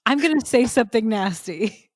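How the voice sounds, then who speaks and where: A woman's voice: fairly high pitch, expressive, moderate pace, no room sound, clean studio sound. Joking, giggly woman on a podcast. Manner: jokey, laughs often, blunt and self-mocking. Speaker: returning podcast guest. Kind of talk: casual podcast chat.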